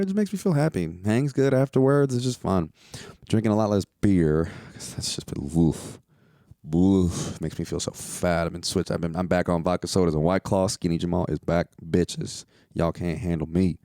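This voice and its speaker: A man, a stand-up comedian hosting his own podcast, rambles through a casual, profane monologue and now and then jumps into playful high-pitched outbursts. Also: vocal fry, warm tone, no echo, clean studio sound.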